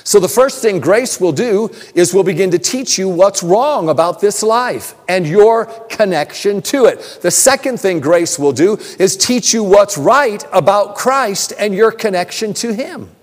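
A man preaching a sermon, telling stories in a conversational, animated way with self-deprecating humor. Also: high voice. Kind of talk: sermon with storytelling. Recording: long reverb of a large hall.

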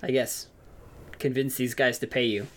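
A man's voice: medium pitch, steady tone, normal speed, fairly bright tone, a little hiss or hum. A man running a tabletop game as game master, narrating in a casual, laughing, profane way.

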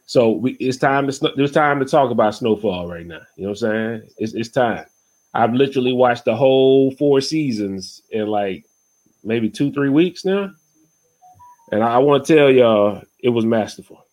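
A male podcast host talking in a loose, rambling, casual way, often tagging on "you know what I'm saying". His voice sits at an ordinary middle pitch and rises when he gets heated in a rant. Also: normal speed, darkish tone.

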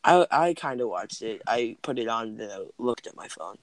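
A man's voice: mid-range voice, expressive, moderate pace, no echo. A man in casual chat, rambling through school stories with lots of "like" and "um". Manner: rambling, heavy use of "like" and "um".

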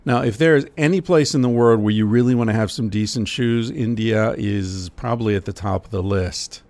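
A man's voice: on the low side, normal speed, darkish tone, no room sound. A middle-aged man hosting a podcast, delivering a casual monologue full of sardonic, profane jokes. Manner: sardonic, profane, jokey rants. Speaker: podcast host. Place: lives in Portland.

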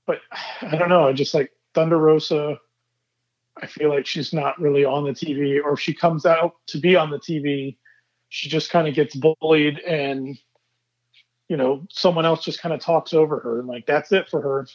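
A man's voice: fairly high pitch, fairly even intonation, a little fast. A man co-hosting a casual wrestling podcast, talking in an easygoing, reflective way. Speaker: podcast co-host. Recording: dull lo-fi mic.

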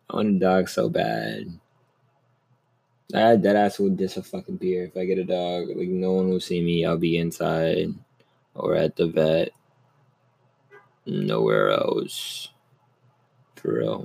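A man's voice: sits low, slow, creaky, pauses often, darkish tone. A young man hosting a solo podcast, rambling in a casual, upbeat way and swearing a lot. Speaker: podcast host.

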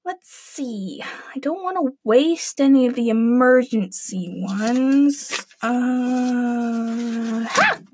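A woman's voice: fairly high pitch, drawn-out words, a little mellow, husky, no room sound. A woman telling a comedic fairy tale as host of a show, with wry, playful asides.

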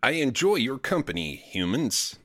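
A man's voice: medium pitch, big pitch swings, moderate pace, a bit bright, no room sound, studio quality. A man doing a stiff robot-like human. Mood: robotic. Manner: stilted, mechanical phrasing. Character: stiff, overly formal man mimicking a robot.

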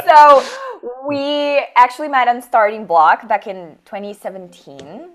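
A woman's voice: fairly high pitch, normal speed. Effusive woman podcast host. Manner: warm, effusive praise of guest. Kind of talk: friendly conversational interview.

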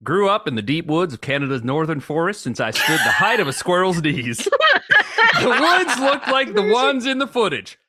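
A man's voice: sits high, sing-song, normal speed, heavy background noise. A man putting on the voice of a folksy, indignant old backwoods bushwhacker in a comic reading. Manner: folksy, exclaiming, bursts into laughter.

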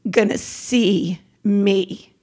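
A woman in her forties, a podcast guest, talking candidly and haltingly about painful memories, with nervous laughs to lighten things. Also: mid-range voice, steady tone, darkish tone. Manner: halting, emotional, self-deprecating, laughs through hard moments. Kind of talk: candid personal interview.

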